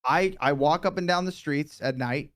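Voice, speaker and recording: A man as an improv interviewee, answering in a deadpan, bluffing salesman manner. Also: on the high side, moderate pace. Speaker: mock job interviewee. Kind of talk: improv comedy.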